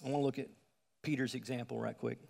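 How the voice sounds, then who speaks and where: A man's voice: medium pitch, level tone, fast, gravelly, big-room sound, background noise. A man preaching a sermon, reading scripture and explaining it in an earnest, emphatic way, asking the listeners direct questions.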